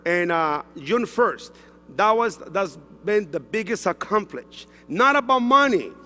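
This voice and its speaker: A man's voice: sits high, very animated, a little slow, bright, forceful tone, in a large hall. A man from Mexico giving an emotional personal testimonial on stage, repeating himself, with broken English phrasing. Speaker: stage speaker at a sales event. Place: large event hall on stage.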